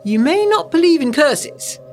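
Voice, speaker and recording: A man's voice: high-pitched, very animated, fairly quick, a bit bright, faint music behind. A woman voicing a young RAF officer who talks in an offhand, dismissive and teasing way.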